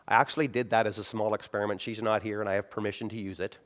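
A man's voice: fairly low pitch, fairly even intonation, rapid-fire. Man preaching in a conversational sermon. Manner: conversational preaching with acted-out quotes. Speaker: pastor.

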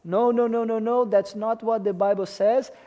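A pastor with a high, mellow voice preaches emphatically to his congregation at a moderate pace, keeping his intonation fairly even. He often checks in with his listeners by asking them questions.

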